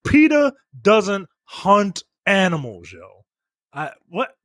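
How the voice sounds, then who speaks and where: A man's voice: high-pitched, big pitch swings, slow pace, a bit bright, no echo, studio quality. A man co-hosting a podcast in casual chat, ranting in exasperation with lots of filler words. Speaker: podcast co-host.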